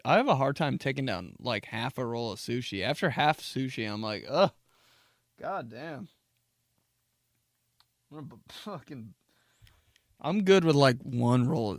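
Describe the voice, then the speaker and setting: A young man rants alone into a close podcast mic, loose and profane, often laughing at his own stories. His voice sits at a middle pitch, and the sound is very dry with no room around it. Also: dry recording. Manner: rambling, profane, laughs at himself, acts out dramatic reactions. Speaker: podcast host. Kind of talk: solo comedic podcast rant.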